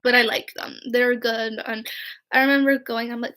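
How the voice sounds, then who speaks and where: A woman's voice: high-pitched, level tone, moderate pace, a bit bright. A young woman vlogger telling casual, rambling stories, full of "like" and "right?" and quoting people in dialogue. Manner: chatty and rambling, with frequent "like" and "right?". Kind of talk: casual storytelling.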